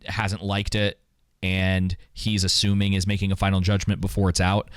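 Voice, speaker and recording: A man's voice: low-pitched, monotone, moderate pace, clean tone, dry recording, studio quality. A man co-hosting a podcast, thinking aloud in a casual reaction chat. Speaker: podcast co-host.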